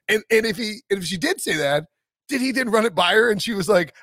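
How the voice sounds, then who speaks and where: A man hosting a sports podcast, bouncing all over his pitch as he jokes and laughs his way through the chat. His voice sits a little high, and the sound is close and dry, with no room around it. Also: quick pace, no room sound. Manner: animated, jokey, laughs often. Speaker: podcast host. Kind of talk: casual sports betting chat.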